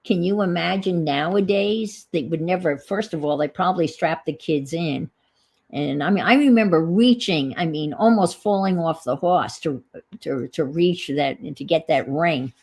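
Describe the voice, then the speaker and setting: A woman's voice: low-pitched, normal speed, darkish tone, breathy edge, low-quality recording. A middle-aged woman with a New England accent, chatting casually on a livestream, reminiscing and reading viewer comments aloud. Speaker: livestream host.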